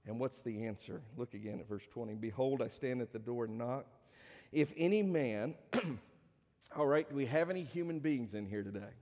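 A man's voice: on the high side, lively intonation, moderate pace, darkish tone. Man preaching in a reverberant church. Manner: conversational preaching with dry asides. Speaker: pastor. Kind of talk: sermon. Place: church sanctuary.

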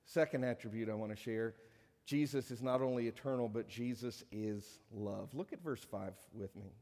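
A man's voice: mid-range voice, normal speed. Man preaching in an echoing hall. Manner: preaching with swelling emphasis and hushed drops. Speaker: pastor. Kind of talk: sermon. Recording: long reverb of a large hall.

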